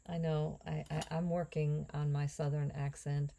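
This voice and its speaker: Slow, low-voiced woman musing while she cooks. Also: little pitch movement, dark tone. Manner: rambling, musing aloud with drifting asides. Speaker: home cook and actress. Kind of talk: casual cooking vlog chat.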